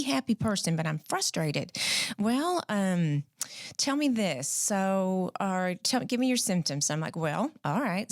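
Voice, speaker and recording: A woman in her fifties hosting a podcast, chatting casually and telling her story with animated restarts. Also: mid-range voice, no echo, clean studio sound. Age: 50s. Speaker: podcast host. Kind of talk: casual chat.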